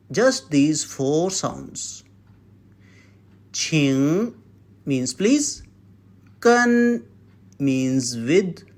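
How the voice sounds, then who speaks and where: Woman teaching to beginners, super slow and careful, repeats every phrase, pitch jumps all over. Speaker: Mandarin teacher. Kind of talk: beginner language lesson.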